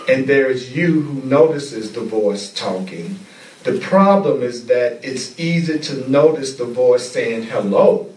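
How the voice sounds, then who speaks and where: A man teaching a spiritual class, speaking slowly and deliberately and repeating key phrases for emphasis. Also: medium pitch, darkish tone. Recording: echoey room, mic at a distance.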